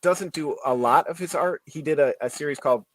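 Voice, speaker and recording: A comic book writer appears as a friendly guest in a casual interview, telling stories with lots of restarts. His voice is fairly high and a bit bright, he talks fairly quickly, and there's no room sound.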